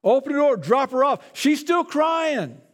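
A man's voice: very high-pitched, big pitch swings, unhurried. A man, a pastor, preaching a sermon in a conversational way, often repeating his words.

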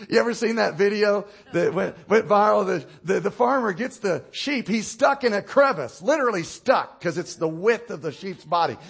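A male pastor preaches with an expressive, creaky, breathy-edged voice at a moderate pace. His stories are animated and he laughs at his own anecdotes, then drops low and quiet to land a point and asks the congregation to answer back.

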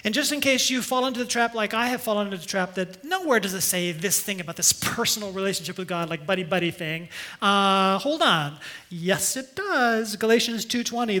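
Bright, high-voiced preacher. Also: male voice, brisk. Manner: earnest, emphatic, leads the congregation in call-and-response. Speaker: pastor. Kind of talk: sermon.

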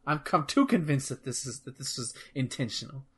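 A man chatting casually about gaming news on a podcast, rambling and excitable, swearing freely. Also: medium pitch, brisk, slight background noise. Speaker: podcast co-host.

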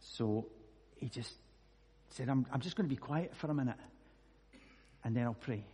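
A man's voice: medium pitch, moderate pace, dark tone, breathy edge. Scottish man preaching in an echoing hall. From Scotland. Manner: earnest storytelling with scripture readings. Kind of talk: sermon.

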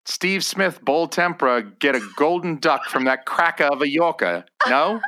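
A man putting on a thick Australian accent as a crude, cheery bloke, with loud, slangy banter. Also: a little high, expressive, normal speed, voice pushed up. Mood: rowdy. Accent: put-on thick Australian.

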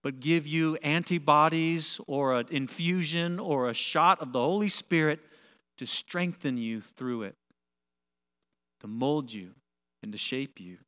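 A man preaching a sermon, animated and building to emphatic peaks. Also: mid-range voice, clean tone. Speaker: pastor. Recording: long reverb of a large hall.

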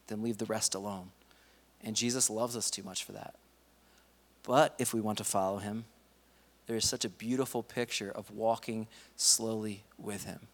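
A man preaching a sermon in a casual, conversational way, acting out the stories he retells. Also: mid-range voice. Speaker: pastor. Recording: long reverb of a large hall.

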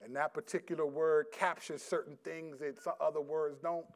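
Man, middle-aged pastor, sermon, fairly high voice, loud scripture reading, hushed storytelling. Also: little pitch movement, moderate pace.

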